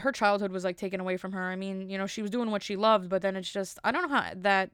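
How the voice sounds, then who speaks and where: Her voice is smooth and medium in pitch, captured in clean studio sound without room noise. This woman in her thirties is a commentator giving casual, indignant opinions, rambling with lots of fillers.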